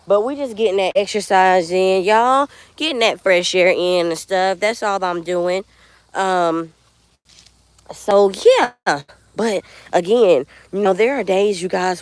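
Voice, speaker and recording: A woman walks outdoors through an open country field and talks into her handheld phone. Her voice sits at a middle pitch and sounds dry and close. She speaks earnestly and from the heart, addressing her viewers directly. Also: dry recording. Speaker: vlogger. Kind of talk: casual motivational live vlog. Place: outdoors in a rural backyard field.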